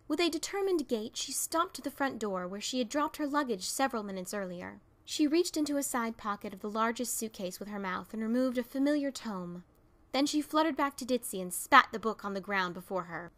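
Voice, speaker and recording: A woman's voice: fairly high pitch, lively intonation, fairly quick, pushed and bright. A woman narrating a fan fiction audiobook, reading expressively and voicing its characters.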